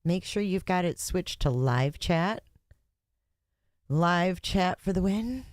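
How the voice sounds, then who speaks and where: A woman's voice: fairly low pitch, expressive, slow pace, dry recording, clean studio sound. Chatty woman hosting a livestream. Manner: chatty, joking, talks to chat. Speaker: livestream host. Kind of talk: casual livestream commentary.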